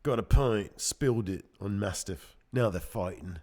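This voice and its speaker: A man co-hosting a podcast in casual chat, laughing often and dropping into low trailing asides. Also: measured pace, darkish tone. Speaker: podcast co-host.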